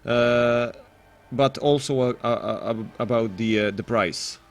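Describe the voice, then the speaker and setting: A man's voice: medium pitch, measured pace, faint music behind. Rambling self-deprecating male game caster. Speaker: esports caster and streamer. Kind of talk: casual live stream commentary.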